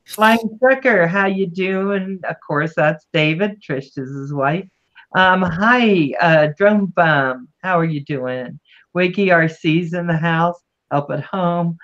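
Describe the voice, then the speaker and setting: A woman's voice: on the low side, slow, a bit bright, lo-fi sound. A woman hosting a livestream, chatting casually and greeting viewers with affectionate words. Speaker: livestream host.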